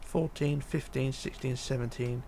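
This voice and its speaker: Gravelly-voiced man chatting on a stream. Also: medium pitch, fairly even intonation, a little slow, warm tone, slight background noise. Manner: reads viewer comments aloud, hesitant with fillers, mutters while counting. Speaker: livestreamer. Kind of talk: casual live stream chat while building.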